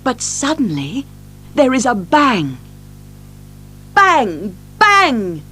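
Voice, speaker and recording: A woman narrates a children's tale at a very slow, careful pace, her pitch rising and falling widely as she reads. Soft music plays faintly behind her. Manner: very slow, lively, expressive reading. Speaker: audiobook narrator. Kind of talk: slow storybook reading for learners.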